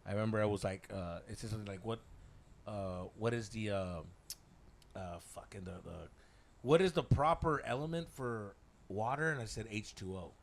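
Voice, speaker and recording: A man's voice: fairly low pitch, expressive, normal speed, creaky. A young man co-hosting a podcast, telling rambling, profane stories in casual chat and dropping Spanish slang as he acts out other people's lines. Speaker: podcast co-host.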